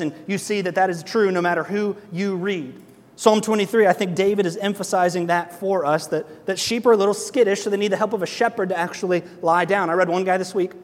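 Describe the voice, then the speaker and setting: High-voiced energetic male pastor preaching. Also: in a large hall. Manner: energetic, conversational preaching with rhetorical questions. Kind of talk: sermon.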